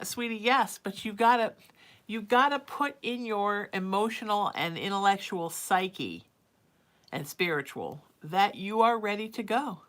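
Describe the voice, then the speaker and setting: A woman's voice: mid-range voice, a bit bright. A middle-aged woman giving casual psychic advice on a live stream, chatty and calling viewers sweetie. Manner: reads viewer messages aloud then answers.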